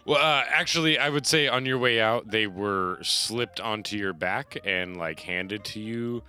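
A man narrating a tabletop game as game master, halting with many fillers. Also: lowish voice, sharp tone, clear, resonant tone, faint music behind.

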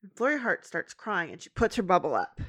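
Woman, thirties, casual storytelling, bouncy pitch, voices characters in a high tone. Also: a little fast. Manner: animated, acts out characters' lines in a high voice. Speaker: podcast co-host recapping a cartoon episode. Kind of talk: casual chat, retelling with voiced quotes.

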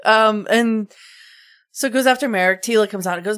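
A woman's voice: on the high side, normal speed, fairly bright tone. A woman in casual chat about a fantasy movie, laughing often as she chimes in.

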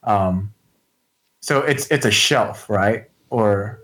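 A man talks as a player in a tabletop game, working out his moves aloud with many likes and restarts. His voice sits fairly low and stays casual. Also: drawn-out words, fairly bright tone, poor audio. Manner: hesitant, full of likes and restarts.

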